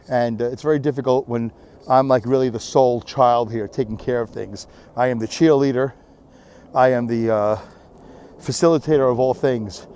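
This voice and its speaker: A middle-aged man speaks at an ordinary pitch in a tired, rambling way, like an outdoor vlog shot on a handheld camera. His talk is candid and a little self-mocking, with plenty of fillers. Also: darkish tone, clear, resonant tone. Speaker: vlogger. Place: windy beach outdoors.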